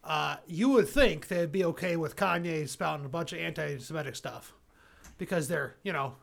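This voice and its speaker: A man's voice: on the high side, gravelly, a bit bright. A man bantering crudely and arguing jokingly in a casual podcast chat. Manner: fast, crude, argumentative joking.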